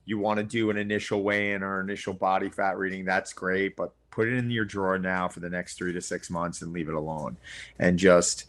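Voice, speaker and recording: A middle-aged man with a lowish voice, talking as a personal trainer in a casual podcast chat. He speaks earnestly, like a coach, and slips into his clients' voices to make a point. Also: level tone, brisk, fairly bright tone. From Long Island, New York.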